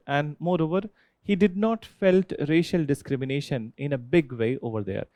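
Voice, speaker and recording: A man's voice: fairly high pitch, moderate pace, darkish tone, no echo. A man with an Indian accent teaching a history class, asking students questions and repeating key points with frequent "okay?" checks.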